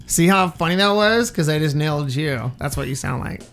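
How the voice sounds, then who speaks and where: A man's voice: fairly high pitch, animated, brisk, a bit bright, soft background music. A man co-hosting a comedy podcast in casual, jokey banter. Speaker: podcast co-host.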